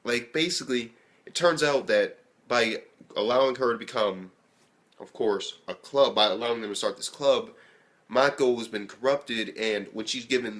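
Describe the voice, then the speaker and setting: A young man casually reviewing an anime episode, excitable and rambling, swearing freely and filling his talk with "like". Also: mid-range voice, moderate pace. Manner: excitable, profane, rambling with lots of fillers.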